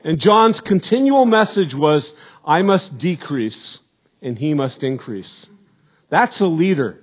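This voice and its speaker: A middle-aged man preaching a sermon as pastor, earnest and repeating words, his voice falling low at the end of points. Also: lo-fi sound. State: emotional, choked up.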